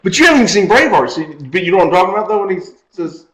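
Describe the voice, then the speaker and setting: A man's voice: high-pitched, very animated, rapid-fire, a bit bright, roomy sound, rough recording. A man co-hosting a podcast in casual chat, rambling through a story and laughing at his own jokes. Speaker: podcast co-host.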